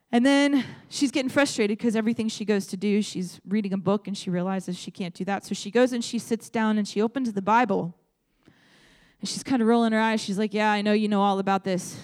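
A woman's voice: mid-range voice, a little mellow. A young adult woman preaching a sermon in a conversational, storytelling way, speaking directly to her audience.

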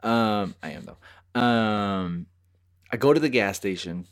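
This podcast host speaks slowly in a lowish, clean-toned voice. He spins stories in a relaxed conversation, cursing and doing voices with lively energy.

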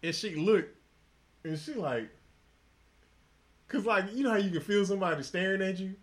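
A man's voice: high-pitched, animated, normal speed. Profane, laughing man telling a story. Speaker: podcast host. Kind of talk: casual storytelling.

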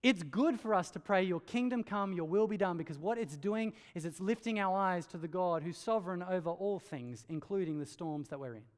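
A man preaching a sermon, earnest and emphatic, dropping low and quiet on key lines. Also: a little fast, hardly any pauses. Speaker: pastor. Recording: hall reverb.

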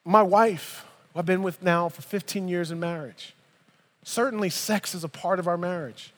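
A man's voice: sits high, normal speed, a bit bright. A man in his thirties preaching a sermon in a church, reading scripture and breaking into casual, emphatic asides. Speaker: pastor. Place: church sanctuary. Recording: long reverb of a large hall.

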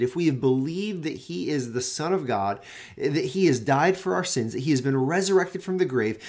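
A man's voice: fairly high pitch, darkish tone. Earnest man giving a Bible teaching. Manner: earnest, emphatic, repeats words as he builds a point. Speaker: host of a daily Bible teaching show.

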